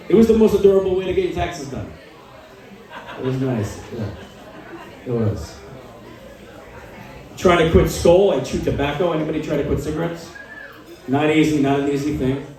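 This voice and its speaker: A man in his forties performs a stand-up set with a fairly high voice and a deadpan storytelling manner. He acts out the people he quotes. He sounds far from the mic, in a strongly echoing club. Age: 40s. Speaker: stand-up comedian. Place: small comedy club.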